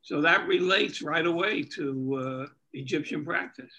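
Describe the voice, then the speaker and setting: A man's voice: fairly high pitch, unhurried, bright, forceful tone, dull audio. A man taking part in a class discussion, eagerly making a point. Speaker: class participant.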